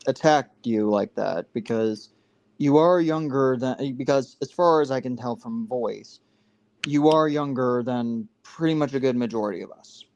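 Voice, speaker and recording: A man's voice: medium pitch, a little slow, darkish tone, muffled recording. A man in his twenties talks on a casual live stream over a video call. He rambles earnestly, circling back and restarting his sentences as he explains himself. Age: 20s.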